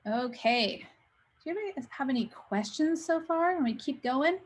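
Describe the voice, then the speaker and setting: A woman presenting to teachers on a video call, walking through software casually with loose, filler-filled phrasing. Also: sits high, animated, moderate pace, low-quality recording. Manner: chatty, loose, many fillers.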